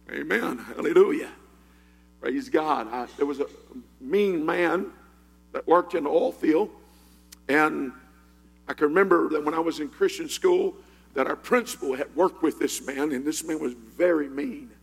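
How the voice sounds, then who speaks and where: A man preaching a Pentecostal sermon as a pastor, telling a story in a low voice and then building up to shouted praise. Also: normal speed, vocal fry, breathy edge, in a large hall.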